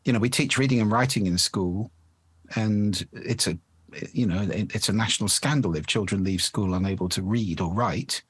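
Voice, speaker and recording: A man's voice: lowish voice, normal speed, husky, no echo. A man, a voice expert explaining speaking habits in a podcast interview. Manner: articulate, explanatory, demonstrates voice effects.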